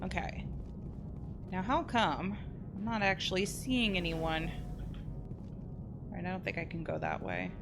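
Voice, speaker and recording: A woman commenting on her gameplay as host, chatting to the game's characters and yelping loudly when startled. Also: on the low side, unhurried, creaky, long pauses, background noise. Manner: chatty, talks to game characters, startled into loud yelps. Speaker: let's play host. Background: game music and gunfire.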